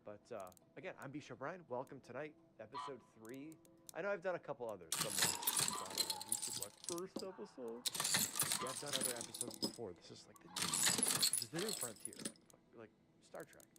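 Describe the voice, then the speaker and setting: A man's voice: mid-range voice, very animated, moderate pace, gravelly, heavy background noise. Chatty male podcast host, losing his voice. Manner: rambling, chatty, with restarts and asides. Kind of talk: casual podcast monologue.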